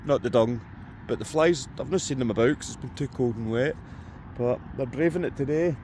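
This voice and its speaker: In this relaxed outdoor vlog, a man from Scotland jokes around and talks to viewers while metal detecting in open farmland. He has a mid-range, somewhat mellow voice and speaks a little fast, with slight background noise present.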